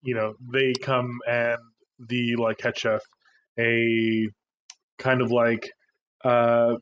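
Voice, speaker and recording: A man narrating as game master, halting and relaxed with many fillers. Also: medium pitch, muffled recording, a little hiss or hum.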